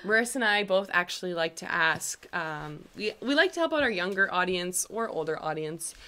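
A Canadian woman co-hosting a casual panel chat, upbeat and quick to laugh. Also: on the low side, lively intonation, sharp tone. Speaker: podcast co-host.

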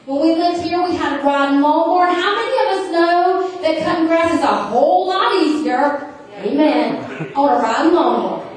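A woman's voice: high-pitched, a little mellow. A middle-aged woman preaching a revival sermon, telling funny stories and calling for amens from the congregation. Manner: humorous, emphatic, asks the crowd for amens. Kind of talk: storytelling sermon with call and response. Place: large church sanctuary. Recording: very echoey hall, distant mic.

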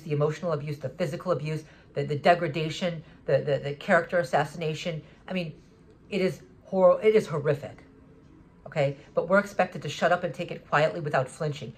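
A vlogger talking in an agitated, rambling monologue, often restarting sentences and swearing. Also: medium pitch. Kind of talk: monologue recounting an encounter.

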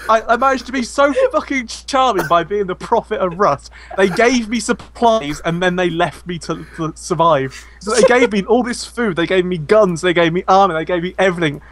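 A high-pitched man tells gaming stories in casual podcast chat. He is animated and laughs often, with a faint hiss behind his voice. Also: normal speed, few pauses. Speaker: podcast guest.

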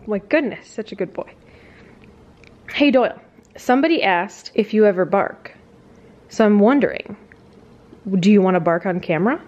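A woman's voice: medium pitch, darkish tone, highs cut off. A woman vlogging casually at home into a handheld camera, talking in a chatty way full of fillers and speaking fondly to her dog. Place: at home, indoors.

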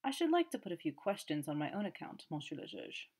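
Brief: cool sharp-tongued detective, quiet and pressing, as a woman reader puts him on. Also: on the high side, huge pitch swings, fast, husky, exaggerated voice. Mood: probing. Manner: quiet, probing, needling. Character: sharp, boastful male police detective.

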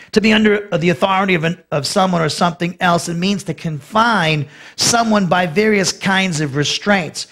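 A man with a fairly high voice teaching a Bible lesson as a pastor. He speaks unscripted and explains Greek terms step by step. He often restarts and repeats words as he goes. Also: a bit bright.

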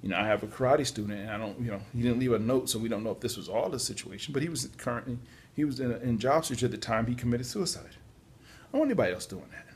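A man's voice: medium pitch, expressive, fast talker, slightly rough. A tired man giving casual, chatty job-search advice, yawning at times and adding apologetic asides. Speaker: podcast host on job search. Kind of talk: casual spoken advice talk.

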